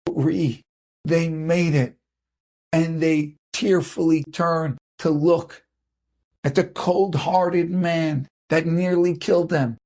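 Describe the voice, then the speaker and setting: Dramatic gravelly-voiced rabbi. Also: male voice, high voice. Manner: dramatic, rising to impassioned shouts. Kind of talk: inspirational storytelling sermon.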